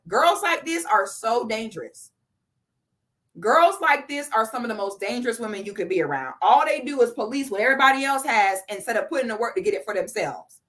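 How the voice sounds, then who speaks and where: A woman's voice: high-pitched, pushed and bright. A woman in her thirties giving blunt, profane, sarcastic commentary on a live stream. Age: 30s.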